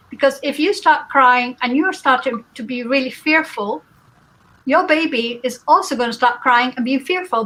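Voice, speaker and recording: A woman's voice: sits high, a bit bright, poor audio. A woman who is a guest speaker giving a spiritual talk. She talks in a conversational way and explains her points with everyday examples.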